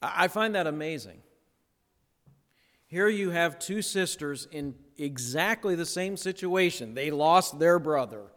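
A male pastor delivers a sermon in a slightly high voice, taking his time with long, deliberate pauses. He sinks to a near hush on key words and builds back up. A long reverb trails each phrase, as in a large church hall. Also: animated.

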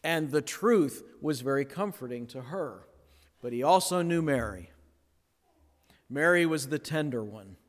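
A male pastor delivers a sermon in a slightly high voice, taking his time with long, deliberate pauses. He sinks to a near hush on key words and builds back up. A long reverb trails each phrase, as in a large church hall. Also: expressive.

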